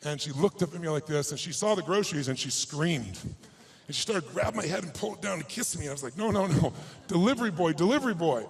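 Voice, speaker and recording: A man with a fairly high speaking voice delivers a motivational speech to a live audience on stage. He tells a personal story with emphasis and often moves between quiet, hushed passages and louder, stronger ones. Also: animated, fast talker, creaky, rough recording.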